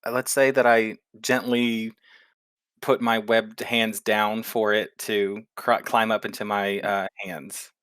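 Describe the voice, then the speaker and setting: A woman playing her character in a tabletop game, speaking earnestly and deliberately. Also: very deep voice, level tone, fairly bright tone, dry recording, clean studio sound. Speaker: player.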